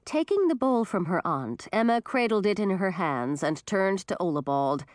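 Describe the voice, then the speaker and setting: A woman's voice: unhurried, hardly any pauses, no room sound, studio quality. A woman reading a storybook aloud, narrating expressively. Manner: expressive, varied pitch.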